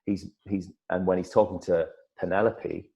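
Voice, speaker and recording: A man with a very low voice and a northeast English accent talks casually as an actor being interviewed. He thinks aloud, circling back and restarting his sentences as he goes. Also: fairly even intonation, normal speed, vocal fry, warm tone, dull audio. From northeast England. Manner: thoughtful, rambling with restarts and acted-out quotes.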